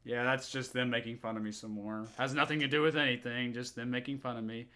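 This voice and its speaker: A man's voice: mid-range voice, fairly even intonation, fast, pushed and bright. A man hosting a reaction video, talking in a defensive, exasperated way. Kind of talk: casual commentary.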